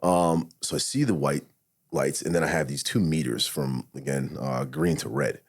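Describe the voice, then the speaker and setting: His voice is extremely low and moves at normal speed. The speaker, a middle-aged former SWAT officer on a podcast, recounts a personal story frankly, with plenty of swearing and his own thoughts performed as quotes.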